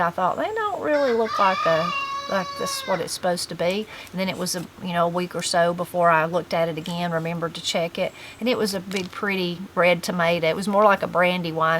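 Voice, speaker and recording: A woman's voice: fairly low pitch, background noise. Appalachian woman, chatty and folksy. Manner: rambling, folksy storytelling with fillers. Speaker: host. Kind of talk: casual chat.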